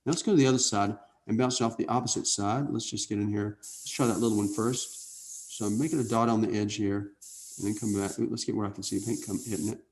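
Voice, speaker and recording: A man teaching an airbrush painting lesson in a relaxed way, thinking out loud and often checking in with "okay?". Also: fairly low pitch, quick pace. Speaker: art instructor. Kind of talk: casual painting demonstration.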